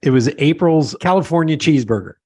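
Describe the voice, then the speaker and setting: A man hosting an interview, talking in a relaxed, agreeable, storytelling way. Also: a little high, fast, slightly rough, no room sound. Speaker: podcast host. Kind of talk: conversational interview.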